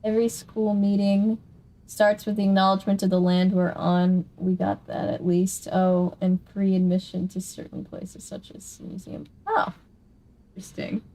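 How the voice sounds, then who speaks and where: A woman hosting a casual gaming chat with a friend, reacting with quick, incredulous questions. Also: mid-range voice, level tone, mellow. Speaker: host.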